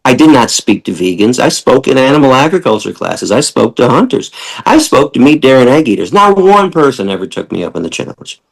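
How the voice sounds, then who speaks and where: A man's voice: mid-range voice, big pitch swings, a little fast, gravelly, breathy edge, low-quality recording. Blunt, profane ranting man from Michigan. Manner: blunt, profane, ranting with mocking quoted voices. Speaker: guest, animal rights lecturer. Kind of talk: impassioned podcast interview.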